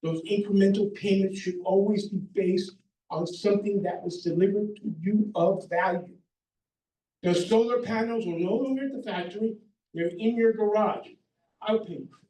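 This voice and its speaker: A man's voice: high voice, warm tone. A middle-aged man, a contractor, giving practical advice to a seminar audience in an emphatic way, laying out numbered points and often checking in with "okay?". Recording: roomy hall, mic far off.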